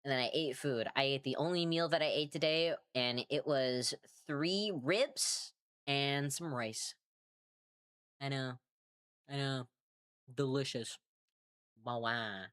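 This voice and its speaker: A woman's voice: a bass voice, takes it slowly, pauses often, a bit bright. A woman streaming while she draws, chatting casually in a rambling, self-mocking way, swearing freely and sounding tired. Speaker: artist streamer. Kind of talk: casual livestream chat while drawing.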